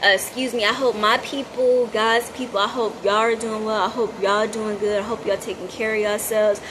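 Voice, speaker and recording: A woman's voice: mid-range voice, little pitch movement, normal speed, background noise. A woman vlogger delivering a heated, profane monologue straight to her viewers, hammering her points with repetition and emphasis.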